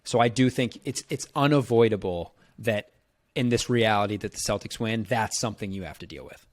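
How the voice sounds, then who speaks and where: A man's voice: on the low side, fairly quick, dry recording, clean studio sound. A man hosting a casual sports podcast, easygoing and agreeable, laughing along with his guest. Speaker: podcast host.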